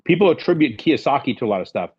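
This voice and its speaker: A man's voice: medium pitch, sing-song, fast, a little mellow, slightly rough, muffled recording. A middle-aged man as a podcast guest, telling a rambling story casually and acting out the lines of the people in it. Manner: rambling, acts out quoted dialogue.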